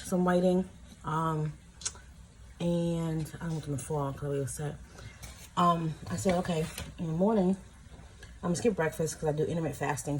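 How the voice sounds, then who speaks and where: A woman's voice: low-pitched, a little mellow, slight background noise, rough recording. A woman filming a casual food-tasting vlog at home, chatty and emotional, exclaiming over what she eats. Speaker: vlogger. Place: home, in pajamas.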